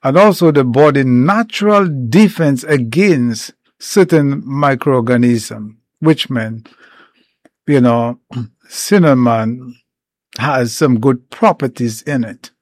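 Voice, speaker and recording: A man explaining herbal remedies in an informal talk, unhurried and step by step, with many pauses. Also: medium pitch, no echo. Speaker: herbal educator.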